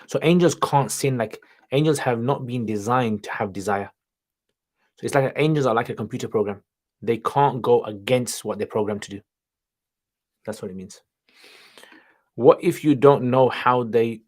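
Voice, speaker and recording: A man's voice: on the low side, darkish tone. A man hosting a casual livestream, reading viewers' questions aloud and answering them offhandedly, sprinkling in Arabic greetings and religious terms. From studied nine years in Pakistan, now in England.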